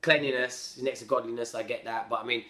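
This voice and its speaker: A man telling his story as a podcast guest in a slangy, rambling, animated way. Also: medium pitch, fast. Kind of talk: casual storytelling. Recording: roomy echo.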